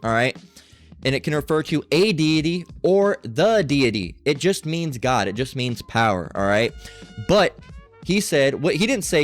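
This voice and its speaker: A man's voice: a little high, very animated, moderate pace, faint music behind. A man leading a screen-share Bible study lesson, talking emphatically and checking in with "all right?" and "okay?". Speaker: Bible teacher.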